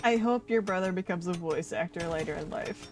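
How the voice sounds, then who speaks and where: A woman's voice: on the low side, brisk. A woman streaming a game live, chatting casually with a friend and laughing often. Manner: laughs often, playful teasing. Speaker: Twitch streamer. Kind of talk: casual gaming stream chat.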